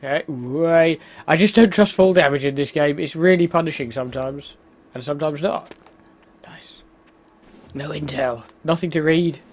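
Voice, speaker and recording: A man's voice: on the high side, fairly quick. Chatty man commenting on gameplay. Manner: chatty, exclaims at the game, laughs at himself. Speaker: let's play host.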